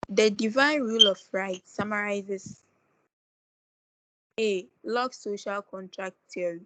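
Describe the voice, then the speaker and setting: A woman's voice: medium pitch, slow pace, poor audio. A woman student in an online class reading quiz questions aloud, going through the options letter by letter with small hesitations. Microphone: video call.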